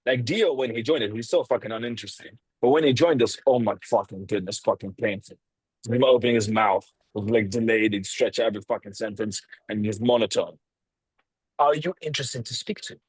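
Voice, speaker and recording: A blunt male sales coach talks over a video call, cursing freely and leaning on pauses and stressed words. His voice is slightly husky, and the sound is very dry with no room around it. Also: lowish voice, no room sound, poor audio. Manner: blunt, swears freely, lively tonality with pauses and emphasis.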